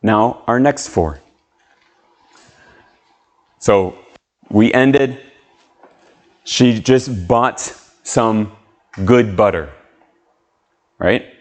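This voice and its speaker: A man teaching an English lesson on video, speaking slowly and carefully as he models sounds and words. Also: on the low side. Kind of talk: slow, clear classroom video lesson.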